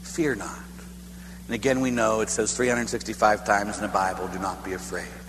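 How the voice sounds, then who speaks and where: A man's voice: fairly low pitch, fairly even intonation, normal speed. A man, a priest, giving a retreat talk, telling a personal story with acted quotes and rising emphasis. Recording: echoey hall with long reverb and faint hum.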